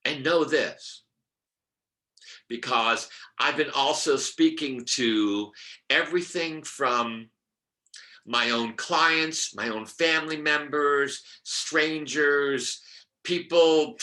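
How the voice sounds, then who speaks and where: A middle-aged man on a video call explaining numerology in an expressive teaching style, dropping now and then to a whisper and asking his listeners questions. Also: on the high side, slow pace. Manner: expressive, drops to whispers, asks the audience questions. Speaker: numerologist guest. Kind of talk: animated teaching talk. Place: room with brick wall.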